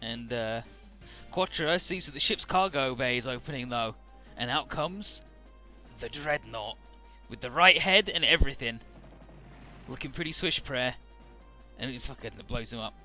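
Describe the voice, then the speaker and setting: A man's voice: medium pitch, lively intonation, normal speed, bright, forceful tone, soft background music. A young man giving casual, rambling and profane commentary over a video game playthrough. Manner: rambling, profane, jokey retelling. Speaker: Let's Play commentator.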